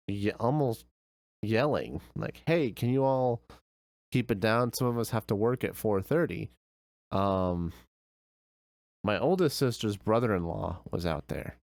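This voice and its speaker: A man's voice: on the low side, darkish tone, no room sound. A young man streamer telling a vacation story in casual, rambling chat with many fillers.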